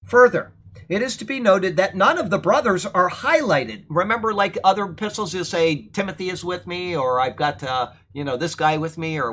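Thunder rolls outside the church room where a man with a high-pitched, somewhat bright voice teaches Bible class like a sermon. His manner is conversational, with frequent "okay?" check-ins, swelling now and then into forceful, indignant stretches.

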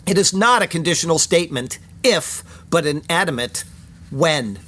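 A man with a slightly high voice delivers a careful verse-by-verse sermon. He reads Hebrew phrases and then explains them, leaning hard on key words. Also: lively intonation, pushed and bright. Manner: measured, explanatory, stresses single words. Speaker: pastor.

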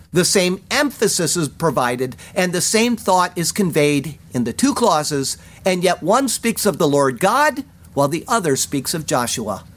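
A Bible teacher reading a scripted verse-by-verse commentary, with emphatic pauses and Hebrew read aloud. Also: mid-range voice.

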